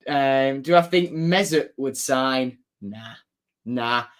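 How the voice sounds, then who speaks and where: A man's voice: medium pitch, slow. A man chatting on a live stream as a football fan, reading out viewer comments, often laughing and repeating his own phrases.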